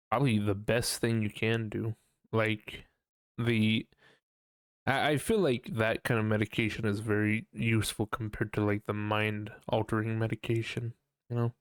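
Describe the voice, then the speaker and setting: A man's voice: on the low side, smooth, no echo, studio quality. A young man hosting a casual solo podcast, rambling and swearing often, laughing at himself and mimicking his own panicked voice. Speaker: podcast host.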